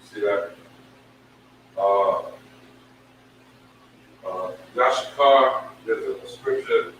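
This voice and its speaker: A man leads a scripture lesson, pressing each point and slowly sounding out syllables. His bright, forceful voice comes from some distance off the mic. The room around him is very echoey. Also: lowish voice. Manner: emphatic, repeats and stretches out syllables. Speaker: religious teacher. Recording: very echoey room, from far off, faint noise.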